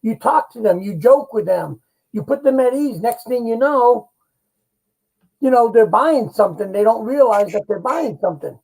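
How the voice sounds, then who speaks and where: A man's voice: very high-pitched, expressive, normal speed, a little mellow, husky, poor audio. A man co-hosting a casual live-stream chat, giving folksy selling advice. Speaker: co-host.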